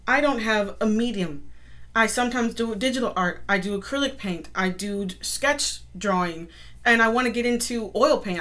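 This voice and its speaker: A young woman and artist talking to camera in a casual, upbeat motivational vlog, chatty and quick to laugh. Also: fairly high pitch, a bit bright. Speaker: artist and content creator.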